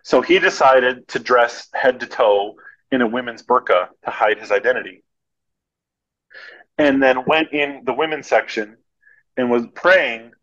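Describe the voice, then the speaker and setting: A male podcast guest telling stories in a relaxed, casual way. He is animated and anecdotal, with a voice of ordinary pitch. His audio sounds a little muffled and lo-fi. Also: unhurried. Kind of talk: casual storytelling.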